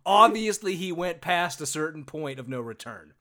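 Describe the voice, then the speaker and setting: A man hosting a casual podcast chat, animated and quick to laugh, with some swearing. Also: fairly high pitch. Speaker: podcast host.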